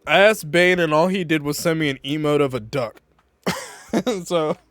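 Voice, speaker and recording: A man's voice: on the high side, normal speed, a bit bright, clear, resonant tone, dry recording, clean studio sound. A tipsy man on a casual charity stream, reading game dialogue aloud and laughing often between lines.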